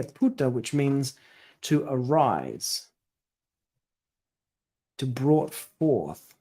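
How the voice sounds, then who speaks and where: With a slightly high, mellow voice, a scripture study presenter muses over a translation word by word, tentative and often correcting himself.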